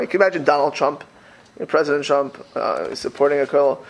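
High, gravelly man talking animatedly. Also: fast talker, low-quality recording. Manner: animated, rambling, heavy with fillers and restarts. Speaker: speaker. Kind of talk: casual talk on religious community life.

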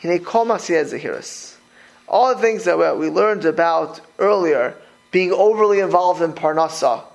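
A rabbi teaches an informal Torah class in a high-pitched, gravelly voice at a moderate pace, and the recording quality is low. He is animated and conversational, addressing his listeners directly with rhetorical questions and often restarting, repeating words as he does.

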